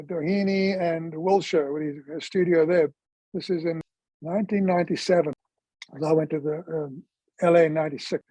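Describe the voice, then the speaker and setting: High-voiced man in his sixties. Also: a little mellow, no room sound, poor audio. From South Africa. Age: 60s. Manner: chatty storyteller who acts out quoted dialogue. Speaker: interviewee. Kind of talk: casual life-story interview.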